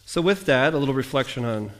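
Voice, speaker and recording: A man preaching a sermon as pastor, animated, with jokey asides and voices he mimics. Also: mid-range voice, fast talker.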